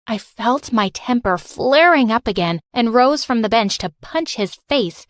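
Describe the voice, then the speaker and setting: Woman narrator, lively first-person storyteller, fairly high voice, dry studio sound. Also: measured pace, few pauses, no echo. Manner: expressive, exasperated storytelling.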